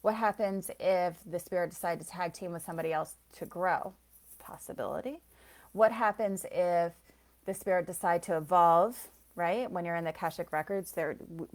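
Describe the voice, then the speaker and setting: Chatty woman psychic on a live stream. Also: lowish voice. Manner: chatty and rambling, laughs often, reads viewer comments aloud. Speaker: psychic reader and soul coach. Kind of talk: casual live-stream chat.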